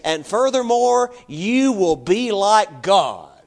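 A sly, coaxing devil, put on by a preacher in a high, urgent voice, pushing and pushing to talk his listener into it. The man's tone climbs as he insists. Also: very animated, takes it slowly, full character voice. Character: Satan as a sly, coaxing male tempter.

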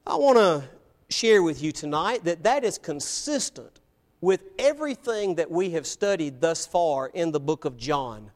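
High-voiced man preaching emphatically. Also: animated, measured pace. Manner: emphatic, rhetorical questions, swings between loud and soft. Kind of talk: sermon. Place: church, evening service.

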